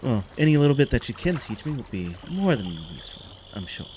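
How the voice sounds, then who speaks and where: A man's voice: medium pitch, very animated, a little fast, a little mellow, a little hiss or hum, lightly acted. A man voicing a friendly, apologetic young woman adventurer in a tabletop role-play, talking in a cheerful and polite way. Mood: polite, curious.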